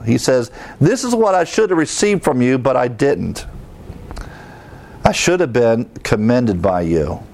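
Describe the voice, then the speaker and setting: A man's voice: medium pitch, darkish tone. A middle-aged man, a pastor, teaching verse by verse through a Bible passage, reading verses aloud and explaining them plainly. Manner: explains scripture plainly, reads verses aloud, with fillers and restarts.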